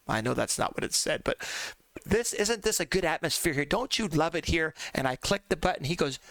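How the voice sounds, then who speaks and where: A man's voice: on the high side, animated, moderate pace, creaky, fairly bright tone, no room sound. A man hosting a let's play who chats loosely and rambles, often calling his viewers folks. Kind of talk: casual gaming commentary.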